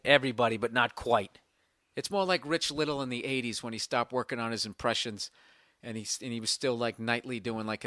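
A man's voice: mid-range voice, a bit bright, no echo, studio quality. A middle-aged man hosting a solo podcast, rambling and swearing through a comedic story. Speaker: podcast host. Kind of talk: casual solo podcast monologue.

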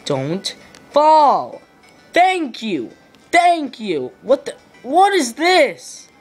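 A woman playing a platform game and yelling frustrated complaints and curses at it. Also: sits high, very animated, extremely slow, soft background music. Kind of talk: rage gameplay commentary.

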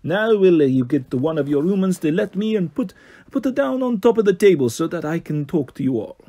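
A man's voice: high voice, animated, fairly quick, warm tone. A man voicing a male dog gang boss with an Italian accent, firm and menacing.

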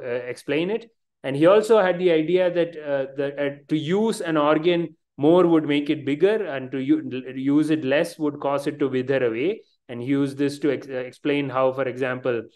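A man's voice: mid-range voice, a little mellow. A man with an Indian English accent giving an online science lecture over a video call, hesitant, with many fillers and restarts.

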